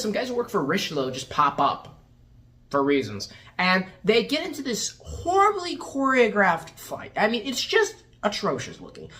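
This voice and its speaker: A woman's voice: medium pitch, fairly bright tone. Sarcastic woman ranting through a movie review. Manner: sarcastic, exasperated, swears freely; acts out quotes in mocking voices.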